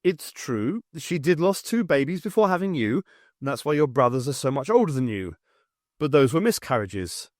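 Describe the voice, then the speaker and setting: A man's voice: fairly high pitch, sing-song, moderate pace, no echo, clean studio sound. A man voicing a bewildered father in an audiobook, urgent and pleading. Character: bewildered, demanding working father.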